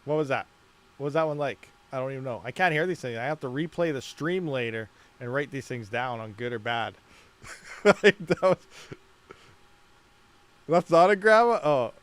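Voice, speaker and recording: A man's voice: medium pitch, animated, normal speed, pauses often. A man hosting a livestream, rambling casually, laughing a lot and muttering while he fiddles with settings. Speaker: mining livestream host.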